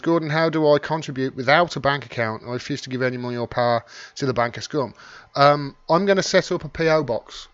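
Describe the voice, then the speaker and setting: A middle-aged man from the West Midlands with a Wolverhampton (Black Country) accent hosts a casual YouTube live stream, rambling and chatting as he reads out commenters and thanks them by name. His voice is mid-range, and the audio is dull with no room sound.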